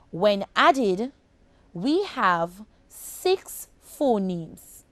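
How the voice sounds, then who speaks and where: Woman teacher, children's phonics lesson, very slow deliberate delivery, lively rising and falling pitch, dry close sound. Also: no room sound. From Jamaica. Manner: slow, deliberate, clearly enunciated.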